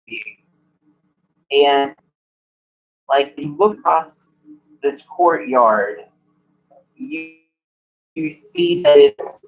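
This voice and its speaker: A man narrating as game master in a halting way, filling gaps with "like". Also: fairly high pitch. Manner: halting, many "like" fillers. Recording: muffled lo-fi recording.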